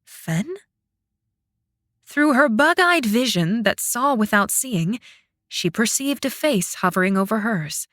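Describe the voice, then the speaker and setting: A woman narrating a fantasy audiobook in a dramatic, expressive way. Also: fairly high pitch, unhurried, no echo, clean studio sound.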